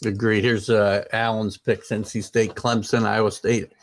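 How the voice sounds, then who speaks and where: A man's voice: lowish voice, flat delivery, unhurried. A man hosting a casual sports talk show, opinionated and rambling, with lots of fillers and restarts.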